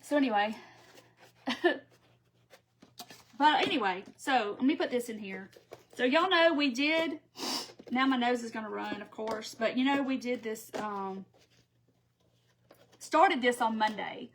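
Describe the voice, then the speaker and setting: A chatty middle-aged woman with a drawl hosts a live craft stream. She rambles from one aside to the next and reads out viewer comments. Her voice sits a little high. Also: unhurried, long pauses, a little hiss or hum. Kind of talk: casual live-stream chat while crafting.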